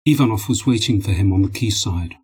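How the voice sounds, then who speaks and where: A man narrating an audiobook in a steady, measured reading. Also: on the low side, husky, low-quality recording.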